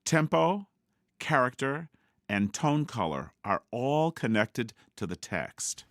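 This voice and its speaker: A man narrating an educational video in a measured, explanatory way. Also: medium pitch, big pitch swings, fairly bright tone. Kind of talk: documentary narration.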